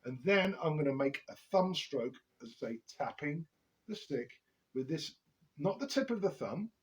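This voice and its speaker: Man calmly explaining drum technique. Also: fairly high pitch, rough recording. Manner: measured, explanatory, with frequent filler "uh". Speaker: drum teacher. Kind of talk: instructional drum lesson.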